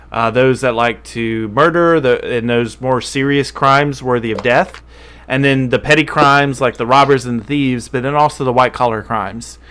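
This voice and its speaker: A man's voice: mid-range voice, fairly bright tone, clear, resonant tone. A man running a tabletop game as game master, narrating descriptively with frequent fillers and self-corrections.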